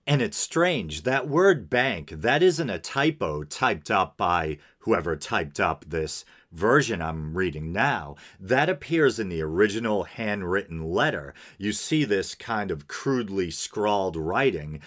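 A man's voice: low-pitched, animated, measured pace, few pauses, a bit bright. A man hosting a podcast, talking through a review in a loose, casual way with fillers and small laughs. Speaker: podcast host.

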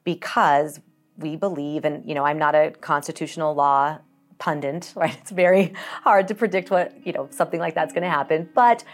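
A woman's voice: low-pitched, normal speed, soft background music. A woman from Colorado, a health organization CEO, speaking earnestly as a podcast interview guest with occasional fillers.

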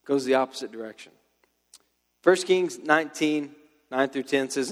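Slangy young preacher in an echoing hall. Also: male voice, medium pitch, slow, pauses often. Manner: casual, slangy, storytelling. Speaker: youth pastor. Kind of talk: sermon. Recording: long hall reverb.

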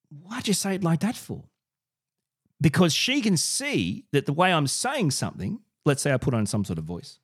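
A man talking straight to camera for his own channel, with a lively voice that swings up and down in pitch. He is sarcastic and animated, and he often doubles back on his words. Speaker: podcast and video host. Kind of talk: direct-to-camera commentary.

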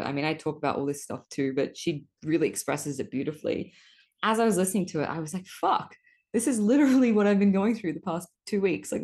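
A woman with a low voice talks through a solo podcast episode. She is casual and animated, and she swears freely. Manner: animated, swears often, spiritual language. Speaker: podcast host.

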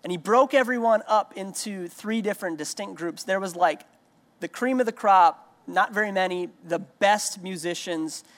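A man's voice: high voice, moderate pace, fairly bright tone. A man preaching a sermon as pastor, telling personal stories in a conversational way with many restarts. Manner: conversational storytelling, frequent restarts. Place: church sanctuary. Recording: long reverb of a large hall.

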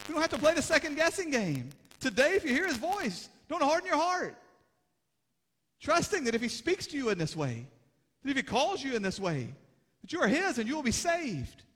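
A young adult man preaching a sermon as pastor, moving between urgent, rising exhortation and hushed, grave passages. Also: very high-pitched, huge pitch swings, normal speed. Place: church sanctuary. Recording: long hall reverb.

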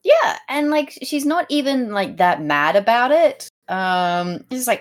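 A woman's voice: medium pitch, expressive, unhurried. A woman co-hosting a podcast, chatting casually about a play in an upbeat, opinionated way and laughing easily. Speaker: podcast co-host. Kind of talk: casual literary discussion.

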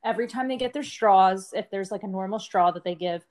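A woman's voice: medium pitch, a little fast, darkish tone. Chatty woman telling a rambling story. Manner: rambling storyteller, many "like" fillers. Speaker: podcast co-host. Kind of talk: casual chat.

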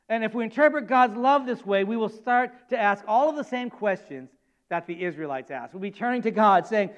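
A man preaching a sermon as pastor, animated and acting out quoted voices with rising emphasis. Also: high-pitched, a little fast.

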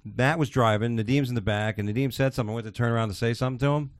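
A man's voice: mid-range voice, very fast, no echo. A man hosting a podcast, chatting casually and reading out odd news stories in a crude, swearing, laughing way. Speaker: podcast host.

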